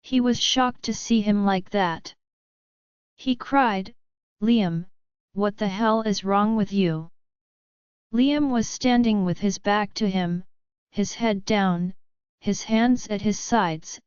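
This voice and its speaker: Slow, smooth-voiced woman narrating. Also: mid-range voice, a little mellow, dry recording. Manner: measured, dramatic storytelling. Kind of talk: scripted story narration. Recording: slightly dull, dry recording.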